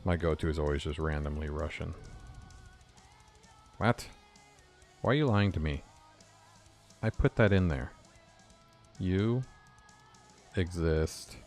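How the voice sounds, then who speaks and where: A young man from California chatting casually with his viewers while he codes, quick to laugh. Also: low-pitched, animated, darkish tone, faint music behind. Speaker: game developer streaming. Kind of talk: casual live-stream chat while coding.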